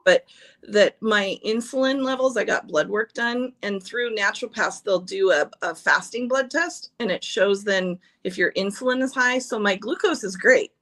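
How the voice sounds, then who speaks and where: A woman chats casually about her personal life on a livestream, frequently laughing and starting her sentences over. She has a fairly bright, mid-range voice at normal speed.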